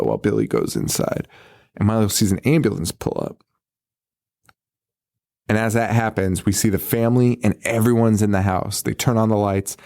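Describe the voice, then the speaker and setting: A man's voice: lowish voice, no echo, studio quality. A man co-hosting a podcast, recapping a horror movie in casual chat, swearing freely and acting out the characters' lines. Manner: profane, animated, acts out quoted characters. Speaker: podcast co-host.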